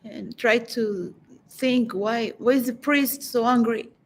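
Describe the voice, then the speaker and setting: A woman with a slightly high voice talks alone in a reflective, philosophical monologue. She rambles and pauses often, restarting her sentences as she feels her way through her thoughts. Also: slight background noise, rough recording. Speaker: vlogger.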